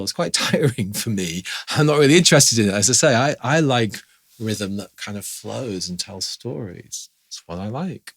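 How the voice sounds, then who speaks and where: A man with a mid-range voice, recorded with no room sound, gives an informal piano lesson. He's chatty and pauses to scat-sing rhythm syllables as he explains.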